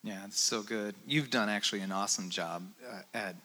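Bright-voiced pastor hosting a conversation. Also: male voice, fairly low pitch, moderate pace. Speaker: lead pastor. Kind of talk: candid church panel conversation.

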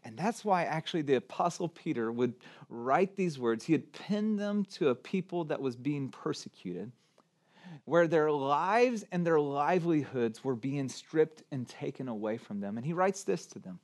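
A man with a slightly higher voice preaches to a livestreamed church service. He talks in a conversational, earnest way, full of fillers and restarts, and drops softer at serious points. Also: lively intonation, moderate pace. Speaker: pastor. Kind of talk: livestreamed Easter sermon.

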